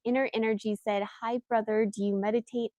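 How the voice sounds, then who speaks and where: A woman's voice: a little high, level tone, a little fast, warm tone, no echo, poor audio. A woman co-hosting a casual live Q&A, reading viewer comments aloud and answering briefly. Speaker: co-host reading viewer questions.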